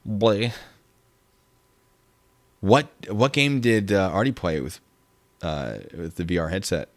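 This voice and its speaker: A man's voice: sits low, slow. A young man hosting a casual livestream, rambling and reading viewer comments aloud. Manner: rambling, reads chat aloud. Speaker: livestream host.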